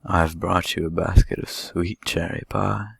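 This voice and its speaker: A man's voice: deep voice, steady tone, unhurried, vocal fry, breathy edge, dry recording, full character voice. A man doing the big bad wolf, growling and sly. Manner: growling, loud.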